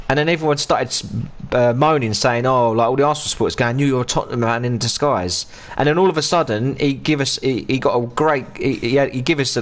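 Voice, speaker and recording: An Englishman in his thirties chats casually while gaming on a live stream, ranting and swearing freely. His voice sits at an ordinary middle pitch, and his talk is loose and unscripted.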